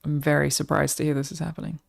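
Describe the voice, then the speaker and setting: A woman's voice: deep voice, level tone, quick pace, gravelly. An Australian woman streamer chatting casually with her live audience, swearing freely as she talks.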